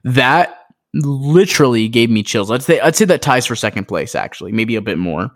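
A man co-hosting a casual gaming podcast, talking in an excitable, rambling way with lots of fillers. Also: medium pitch, normal speed. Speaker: podcast co-host. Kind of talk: casual chat.

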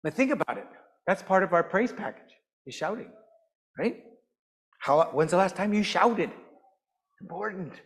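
A man giving an animated, folksy church teaching and asking the congregation questions. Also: high voice, moderate pace, long pauses, long reverb tail. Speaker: lay preacher. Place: church sanctuary.

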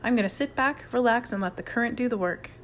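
A woman voicing a brisk, bossy boy camper who barks orders like a mock ship's captain. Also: fairly high pitch, a little hiss or hum, pitched above the performer's own voice, lightly acted. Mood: confident. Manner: crisp, commanding, playful mock-sailor.

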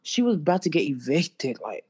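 A young woman in casual chat, slangy and blunt. Her voice sits fairly low but swings widely in pitch. She sounds animated and outspoken. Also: moderate pace, husky. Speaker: co-host.

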